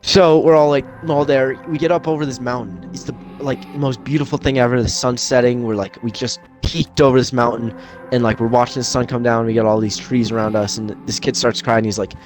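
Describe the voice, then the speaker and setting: A man's voice: mid-range voice, fairly even intonation, a little fast, faint music behind. A young man casually telling a story as a podcast host, loose and profane, with lots of fillers.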